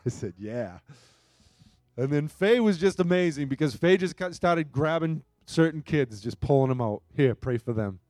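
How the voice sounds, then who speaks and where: A man preaching a sermon and telling a story, his voice swinging between hushed moments and loud, emphatic bursts. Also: a little high, animated, normal speed, few pauses, no room sound. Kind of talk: sermon testimony.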